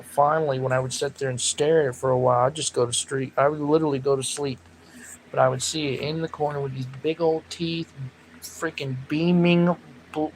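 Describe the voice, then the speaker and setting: A man chatting casually with viewers on a livestream, telling rambling stories with animated outbursts. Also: medium pitch, a little hiss or hum, poor audio. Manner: rambling, animated storytelling with loud laughing outbursts. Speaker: livestream host.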